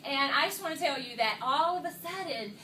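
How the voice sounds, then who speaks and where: A woman giving a lively, chatty motivational talk to her team at a meeting, calling them y'all. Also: high voice, brisk, roomy sound, far from the mic, a little hiss or hum, low-quality recording. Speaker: sales director speaking to her team. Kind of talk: motivational talk to a live audience. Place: meeting room with an audience.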